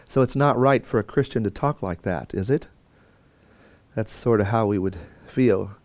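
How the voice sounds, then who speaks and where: A man's voice: fairly low pitch, normal speed, darkish tone, dry recording. A man teaching a Bible course in a conversational lecture style, with fillers and restarts and quotes acted out. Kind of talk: classroom lecture.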